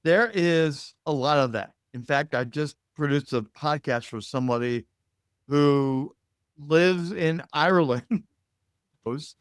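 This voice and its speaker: A man with an Indiana American accent, talking as a guest in a casual interview. He is animated and laughs easily. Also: fairly high pitch, unhurried, gravelly, no room sound, studio quality. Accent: American Midwestern, Indiana. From United States. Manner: animated and expressive, laughs easily, acts out voices in quotes. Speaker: guest, media coach and broadcaster.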